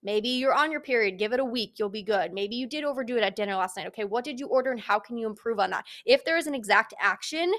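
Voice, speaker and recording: A young woman talks through her solo podcast in a casual, candid way. Her voice sits slightly high, and she is blunt and lively, with plenty of profanity. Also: fast, hardly any pauses. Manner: blunt, frank and profane, animated. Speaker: podcast host.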